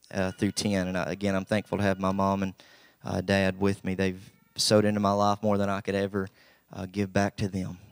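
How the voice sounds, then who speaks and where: A young male preacher with an Appalachian accent and a low voice, recorded dry and close. He talks in a folksy, humble way before rising into emphatic bursts. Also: clean tone, no room sound. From Southwest Virginia. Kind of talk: sermon.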